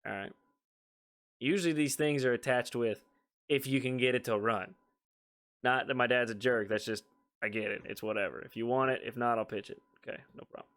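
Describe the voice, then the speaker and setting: A man co-hosting a casual podcast, telling a rambling family story with an amused edge. His voice sits at a middling pitch and he keeps the chat relaxed and conversational. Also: fairly quick. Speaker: podcast co-host.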